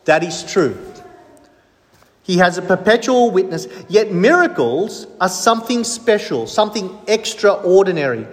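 Lively high-voiced preacher in a reverberant hall. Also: male voice, a little slow. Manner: emphatic, lists points with rising stresses. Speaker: pastor. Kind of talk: sermon.

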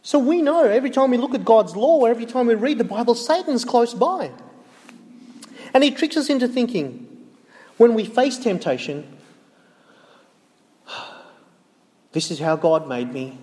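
A man's voice: very high-pitched, sing-song, moderate pace, long pauses, dark tone. A man preaching a sermon in an earnest, emphatic way, pressing points home with repeated phrases. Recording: long reverb of a large hall.

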